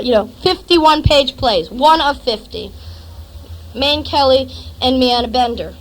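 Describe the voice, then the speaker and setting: A woman performing a profane, sardonic spoken word monologue on a small club stage, sometimes shouting. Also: high voice, animated, measured pace.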